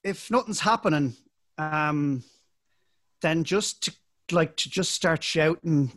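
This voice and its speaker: A man's voice: a little high, slow, a bit bright, dry recording. A young actor co-hosting a podcast in casual chat, rambling and often restarting his sentences.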